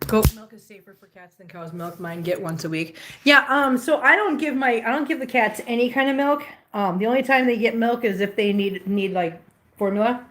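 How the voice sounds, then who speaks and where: A woman with a fairly high voice, chatting to her live-stream audience at home. She rambles a little and restarts her sentences, talking easily and plainly about the cats around her. Her tone stays relaxed and informal. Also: normal speed. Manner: switches to a high cooing baby voice for the cats. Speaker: cat rescuer hosting a live stream. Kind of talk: casual live-stream chat.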